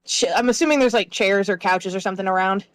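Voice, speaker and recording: A woman playing in a tabletop game, talking in a loose, rambling way with frequent laughs. Her voice sits at a middle pitch and sounds dry and close to the mic. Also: quick pace, no room sound. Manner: chatty, rambling, laughs often. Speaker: player. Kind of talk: casual chat at a tabletop game.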